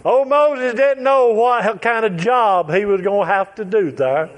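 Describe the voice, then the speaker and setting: A man preaching a sermon, emphatic and repetitive, drawing out his phrases and now and then shouting or chuckling. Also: high voice, unhurried.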